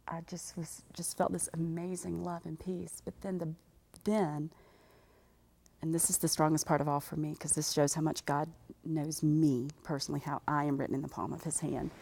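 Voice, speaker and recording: Low, mellow-voiced woman telling her testimony. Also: gravelly, breathy edge. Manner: animated, conversational, self-deprecating humor. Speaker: speaker giving a personal testimony. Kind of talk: personal testimony storytelling. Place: standing before a live audience.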